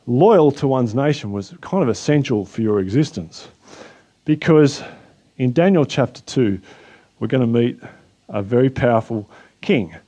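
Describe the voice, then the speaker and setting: A man with an Australian accent hosting a casual Bible talk, relaxed and chatty with frequent fillers. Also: medium pitch. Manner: relaxed, chatty, lots of uh and restarts. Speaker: host and Bible teacher.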